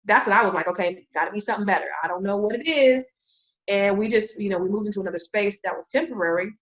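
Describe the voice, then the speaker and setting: A woman guest on a podcast, telling a story in a casual, animated way and acting out the voices of the people she quotes. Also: mid-range voice, fast, lo-fi sound.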